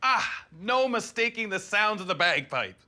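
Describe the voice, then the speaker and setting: A man hosting a comedy TV segment with a wry, deadpan delivery and a lively, swinging pitch. Bagpipe music plays clearly behind his voice. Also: moderate pace. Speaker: host.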